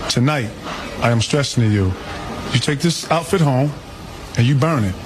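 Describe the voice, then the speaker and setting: A man's voice: mid-range voice, animated, normal speed. A man on a TV broadcast, teasingly and insistently ribbing a co-host on air. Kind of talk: on-air banter. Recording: noisy broadcast audio.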